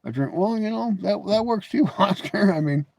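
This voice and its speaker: A man's voice: high-pitched, animated, normal speed, gravelly, slight background noise. A man hosting a casual live stream, answering viewers in chat with mocking, teasing remarks, often laughing and repeating words as he starts a thought.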